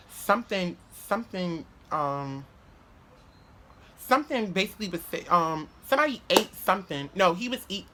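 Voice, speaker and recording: A man's voice: fairly high pitch, pushed and bright. A man telling a story to camera in a casual vlog, rambling with lots of "like" fillers, restarts and swearing. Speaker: vlogger.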